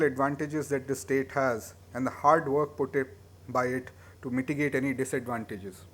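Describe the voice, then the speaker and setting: A man delivering a formal, prepared speech at a conference, measured with emphatic openings. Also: medium pitch, steady tone. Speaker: conference speaker.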